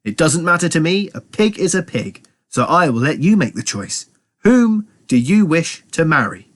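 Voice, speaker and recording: A man reading aloud and voicing a hearty, loud middle-aged village father with a booming, theatrical manner. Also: big pitch swings, moderate pace. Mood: jovial.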